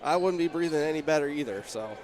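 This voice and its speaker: A man calling a local high school basketball game play-by-play, chatty and getting louder on big plays. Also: expressive, fast talker, a crowd in the background. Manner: chatty, rises in pitch and volume on big plays. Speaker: play-by-play announcer. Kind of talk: play-by-play commentary.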